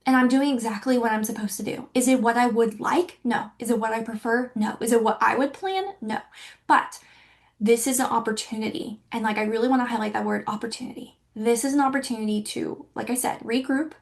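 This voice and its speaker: A woman's voice: a little high, fairly quick. A woman in her early thirties hosting her own podcast, talking candidly and chattily with many fillers as she reflects on her life. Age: 30s. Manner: candid and chatty, many likes and you-knows. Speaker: podcast host. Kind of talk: personal reflective monologue.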